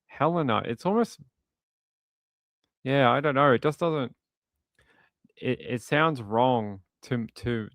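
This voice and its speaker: A man with an Australian accent hosting a livestream and reading viewer comments in a relaxed way. He repeats himself often and chuckles between thoughts. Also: medium pitch, no echo. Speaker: livestream host. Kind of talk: casual live chat reading viewer comments.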